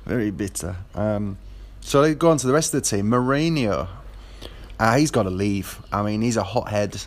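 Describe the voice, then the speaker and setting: A man's voice: on the low side, normal speed. A man talking about his football team in a casual monologue, rambling with many fillers and restarts. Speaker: football fan.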